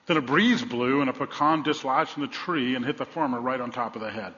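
A male pastor preaching a sermon, telling stories and swinging from loud emphasis to hushed tones. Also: medium pitch, brisk. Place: large church sanctuary. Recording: dull sound, long hall reverb.

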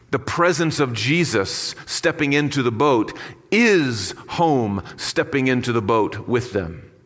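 A man's voice: mid-range voice, fairly bright tone, big-room sound. A man preaching a sermon in an earnest, conversational way with casual asides. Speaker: pastor.

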